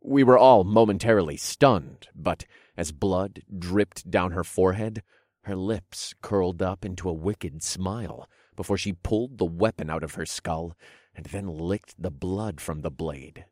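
A man narrating an audiobook in a dramatic, dark storytelling manner. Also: deep voice, measured pace, no echo, studio quality.

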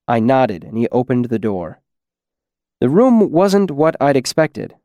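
A man reading a first-person audiobook story in a steady, even storytelling voice. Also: mid-range voice, measured pace, no echo, clean studio sound. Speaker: audiobook narrator.

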